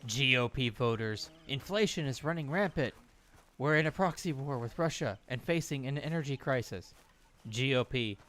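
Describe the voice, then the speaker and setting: A male co-host reading viewer messages aloud on a live stream, his voice bright and forward at a middling pitch. He rattles through each comment briskly. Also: lively intonation.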